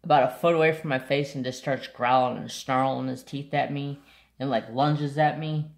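A man's voice: mid-range voice, fairly even intonation, moderate pace, creaky, roomy sound. A man chatting casually to camera, telling a rambling story and sidetracking often, with blunt, offhand asides. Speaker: craft vlogger.

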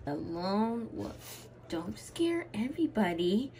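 A woman voicing a shy, hesitant toy friend in a soft, lowered voice during toy play. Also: big pitch swings, takes it slowly. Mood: timid.

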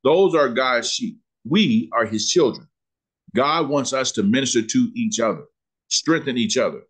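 A man, teaching a Bible lesson in sermon style, asking questions and slowing down to read scripture. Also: medium pitch, animated, a bit bright, breathy edge. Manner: preacherly, asks questions and answers them, slows down on scripture.

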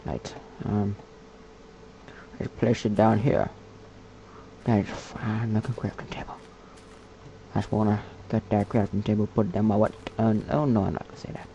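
A man's voice: little pitch movement, warm tone. A man giving casual gameplay commentary in a put-on character voice, muttering, whispering and chatting to the animals on screen. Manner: puts on a slow, low, gravelly character voice. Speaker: gamer. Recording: dull lo-fi mic with faint hiss.

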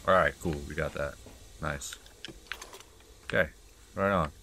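A man's voice: very deep voice, fairly even intonation, unhurried, gravelly, pushed and bright. A man doing casual commentary over a game playthrough, muttering in exasperation and swearing often. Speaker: gameplay host. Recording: noisy home recording.

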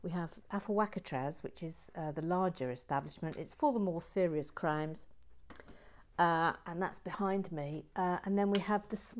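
A woman's voice: lowish voice, normal speed, a little mellow. A woman hosting a casual building stream, chatting in a self-deprecating, exclamatory way. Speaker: LEGO building stream host. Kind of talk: casual chat while building.

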